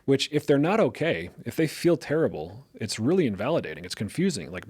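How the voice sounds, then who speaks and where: A middle-aged man co-hosting a casual podcast conversation, telling lively everyday stories and illustrating them as he goes. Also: mid-range voice, fairly quick, few pauses, slightly rough, no room sound. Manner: lively storyteller, acts out parent voices. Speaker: podcast co-host.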